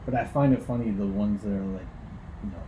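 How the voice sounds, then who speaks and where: A man's voice: on the low side, fast talker. A young adult man co-hosting a podcast, rambling casually and laughing often. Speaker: podcast co-host. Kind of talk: casual chat. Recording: echoey room with clear background noise.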